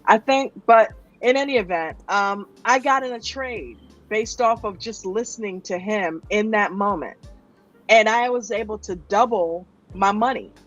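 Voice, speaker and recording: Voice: mid-range voice, a little slow, a bit bright, soft background music. Chatty host on a dull lo-fi mic. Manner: chatty storyteller, keeps asking "you know what I mean". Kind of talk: casual chat. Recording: dull lo-fi sound.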